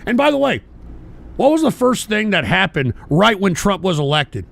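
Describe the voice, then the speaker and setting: Male radio host, high and very animated voice, profane combative ranter who bursts into shouting. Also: moderate pace, vocal fry. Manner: repeats "all right?" and "for Christ's sake". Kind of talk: political call-in rant.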